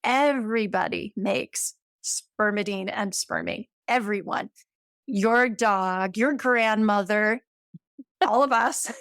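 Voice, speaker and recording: A woman's voice: medium pitch, slow, fairly bright tone, clean tone, no room sound, studio quality. A woman in her fifties, a guest in an interview, explaining science with enthusiasm, checking in with "right?" and using everyday comparisons. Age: 50s.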